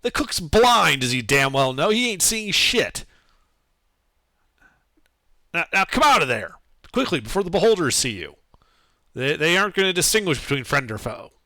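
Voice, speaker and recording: A gruff, impatient dwarf guard barks orders from behind a door, voiced by a man running a tabletop game. He is loud, coarse and commanding, with a bright, lively voice. The sound is dry and close. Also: a little high, moderate pace, long pauses, no echo, voice pushed up, exaggerated voice. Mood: scornful.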